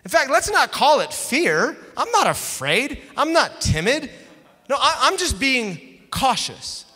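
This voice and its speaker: A man's voice: extremely high pitch, sing-song, measured pace, pushed and bright, voice pushed up, full character voice. A pastor voicing a frightened male prophet who whines and stammers through excuses. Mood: defensive. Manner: whiny, stammering self-justification. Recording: echoey hall.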